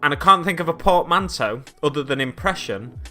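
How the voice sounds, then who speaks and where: A man's voice: on the high side, lively intonation, fairly quick, sharp tone, faint music behind. A man chatting casually on a live stream at his hobby desk, reading the chat aloud and rambling along. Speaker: miniature-painting streamer.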